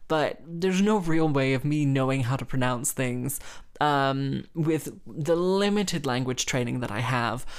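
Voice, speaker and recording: A woman's voice: deep voice, clear, resonant tone. A woman who plays the harp, telling a rambling, chatty anecdote full of "like" and small laughs. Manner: chatty and rambling, heavy use of "like", laughing between phrases. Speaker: harpist. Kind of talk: casual anecdote storytelling.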